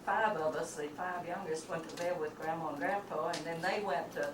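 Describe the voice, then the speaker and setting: An older woman from rural Texas, telling family stories in an unhurried way with halting fillers. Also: sits low, steady tone. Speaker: family member reminiscing. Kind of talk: casual family reminiscence. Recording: roomy, distant home-video sound with hiss.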